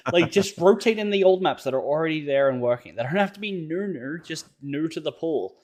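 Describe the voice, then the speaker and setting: A man's voice: on the high side, lively intonation, moderate pace, darkish tone. A man co-hosting a gaming podcast, laid-back and jokingly pleading in casual chat. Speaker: podcast co-host.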